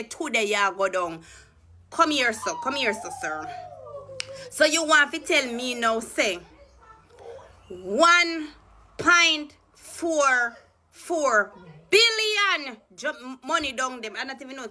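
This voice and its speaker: A woman's voice: sits high, bright, forceful tone, slight background noise. A woman with a Jamaican accent, ranting angrily about politics in a heated, cursing, mocking way. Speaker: political commentary vlogger. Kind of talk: angry ranting commentary in Patois.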